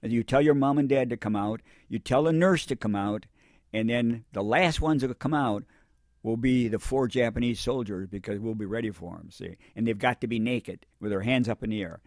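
A man's voice: medium pitch, normal speed, dry recording, clean studio sound. An older man, a Marine veteran, telling his war memories in an interview, rambling and repeating himself, acting out what people said. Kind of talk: oral history interview, storytelling.

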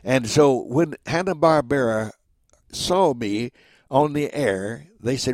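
A man's voice: medium pitch, expressive, unhurried, no echo. A man in his nineties, a guest chatting jovially in an interview and slipping into character voices. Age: 90s. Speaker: guest, veteran voice actor. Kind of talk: reminiscing interview.

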